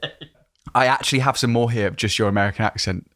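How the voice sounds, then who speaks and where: A man's voice: mid-range voice, racing, fairly bright tone, dry recording, studio quality. A man hosting a comedy podcast quiz, teasing his guest and laughing often. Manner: teasing, laughing, playful quizmaster. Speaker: podcast host.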